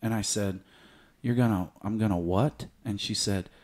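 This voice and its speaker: A man's voice: fairly low pitch, normal speed, a little mellow. Crude young man telling a story. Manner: crude, profane anecdote telling. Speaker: guest storyteller. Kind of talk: casual podcast chat.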